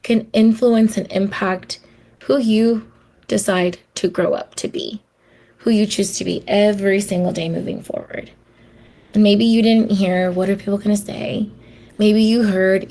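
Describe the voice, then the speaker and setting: Speaking unhurriedly at a medium pitch, this woman has a warm tone and fairly even intonation. Her solo podcast is reflective and heartfelt, and she performs the voices she quotes.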